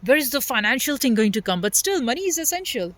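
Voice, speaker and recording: A high, bright voice talks earnestly about spirit and society, stacking its points through repeated phrases. The sound is close and dry, with no room around it. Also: very animated, quick pace, dry recording. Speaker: spiritual vlogger. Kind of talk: unscripted spiritual monologue.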